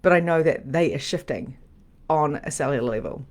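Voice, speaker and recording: A middle-aged woman, a medium and spiritual coach, teaching on a live stream in a chatty, animated, repetitive way. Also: sits low, moderate pace.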